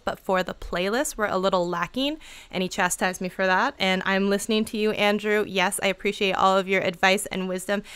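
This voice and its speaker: A woman's voice: mid-range voice, fairly bright tone, smooth. A woman chatting casually on a livestream, giving channel advice in a bubbly, talkative way and laughing often. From Seattle area.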